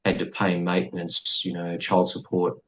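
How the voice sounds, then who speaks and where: A middle-aged man with an Australian accent, telling a story as a podcast guest in a blunt, profane and lively way. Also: sits low, normal speed, a little hiss or hum, poor audio. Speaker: guest, former police officer.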